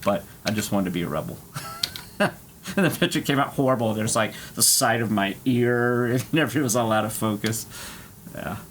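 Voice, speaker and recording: A man's voice: mid-range voice, moderate pace, fairly bright tone, slight background noise. A man streaming, telling a rambling, profane travel story with lots of fillers and laughs.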